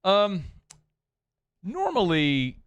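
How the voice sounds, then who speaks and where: A man's voice: high voice, wildly swooping pitch, drawn-out words, a bit bright, clear, resonant tone, lo-fi sound. A man hosting a sports talk radio show from a studio, speaking in a conversational, wry way that gets worked up.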